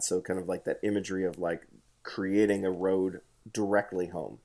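A man's voice: deep voice, flat delivery, normal speed, vocal fry, a little mellow. A man leading a casual bible study conversation, hesitant with many fillers and restarts, reading scripture aloud. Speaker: bible study discussion leader.

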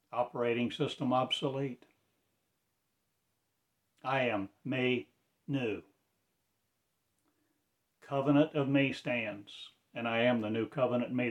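Slow, incantatory man's spoken-word voice. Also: mid-range voice, lo-fi sound. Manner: fragmented, incantatory, preacher-like phrasing.

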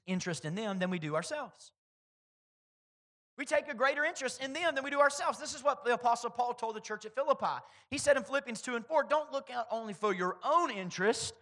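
High, bright-voiced pastor preaching. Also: male voice. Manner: animated preaching that swings from loud emphasis to quiet storytelling. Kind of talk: sermon.

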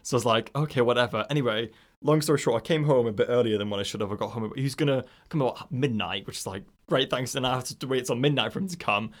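A man's voice: mid-range voice, fast, hardly any pauses. Young man, rambling laughing storyteller. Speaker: podcast co-host. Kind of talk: casual chat.

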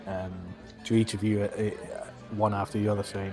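Male game master, rambling narration, fillers, fairly low pitch, faint music underneath. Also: little pitch movement, moderate pace. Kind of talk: narrating a tabletop fantasy game.

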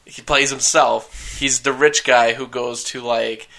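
A man co-hosting a movie podcast, chatting casually and telling animated, joking stories. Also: mid-range voice, measured pace, vocal fry. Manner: animated, joking, breaks into silly singing. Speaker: podcast co-host. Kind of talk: casual chat.

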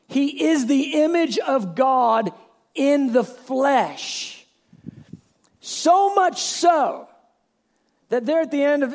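A man pastor preaching a sermon in an animated storytelling way, bursting into shouts. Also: very high voice, gravelly.

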